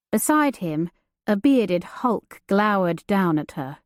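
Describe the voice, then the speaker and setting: A woman reading an audiobook as narrator, in a measured, deliberate storytelling manner. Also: medium pitch, animated, dry recording, clean studio sound. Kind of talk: scripted narration.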